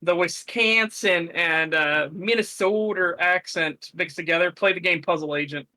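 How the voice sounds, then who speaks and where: A man's voice: high voice, measured pace, bright, forceful tone. A man co-hosting a stream, chatting casually and animatedly while reacting to a video, often laughing and mimicking voices. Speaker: streamer co-host.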